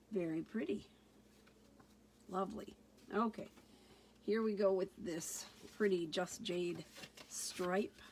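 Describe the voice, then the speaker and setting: Slow, chatty woman demonstrating card making. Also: fairly low pitch, a little hiss or hum. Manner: chatty, relaxed, talks through each step. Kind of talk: casual crafting tutorial.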